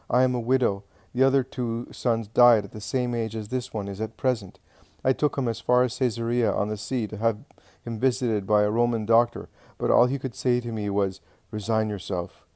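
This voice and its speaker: A man's voice: medium pitch, fairly even intonation, moderate pace, mellow, no room sound, clean studio sound, lightly acted. A man reading the part of a widowed mother who pleads tearfully for her sick son. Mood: pleading.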